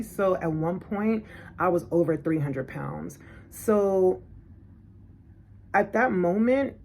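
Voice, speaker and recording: A woman vlogger telling a personal story in an animated, indignant way, acting out what people said. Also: on the low side, vocal fry. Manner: animated, indignant, acts out quotes. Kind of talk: storytelling vlog.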